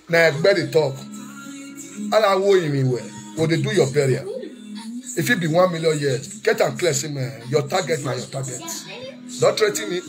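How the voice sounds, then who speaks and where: A man in an emotional monologue, switching between shouting, pleading apologies and snatches of song, with Pidgin mixed in. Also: a little high. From Nigeria. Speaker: social media commentator. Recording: faint music behind.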